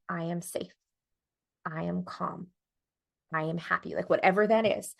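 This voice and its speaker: Middle-aged woman giving a casual parenting webinar, bit low and gravelly, keeps saying like. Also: a bit bright. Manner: chatty, with many "like" fillers and self-corrections. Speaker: psychologist presenting a parenting webinar. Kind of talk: informal webinar teaching.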